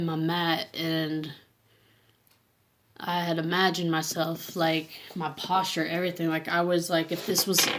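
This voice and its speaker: A woman tells her personal faith story in a casual, earnest way, reading from her journal as she goes. Her voice sits a little low, and her speech is halting, full of restarts and fillers. At moments she drops to a hush. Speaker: vlogger sharing her faith testimony.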